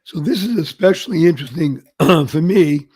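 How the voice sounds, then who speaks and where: An older man hosting an interview, asking measured, probing questions. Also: on the high side, animated, a little mellow, breathy edge. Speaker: host. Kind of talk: conversational podcast interview.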